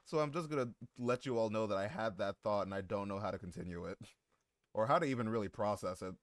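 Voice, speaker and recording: Male streamer, low-pitched, casual banter with chat, crude jokes and frequent laughs, dry close-mic sound. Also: fast, dry recording. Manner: joking, swears a lot, laughs often. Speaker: live streamer.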